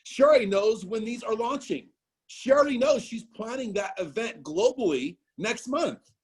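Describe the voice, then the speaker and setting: A man from Idaho, a business owner giving an animated motivational training talk on a video call, telling stories straight to his team. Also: high-pitched, normal speed, slightly rough. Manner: storytelling, animated, talks straight to the audience.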